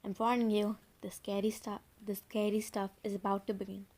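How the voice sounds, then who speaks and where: A woman's voice: medium pitch, little pitch movement, brisk, darkish tone. A woman narrating a children's horror audiobook in a suspenseful storytelling manner, now and then speaking directly to her listeners. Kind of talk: dramatic audiobook reading.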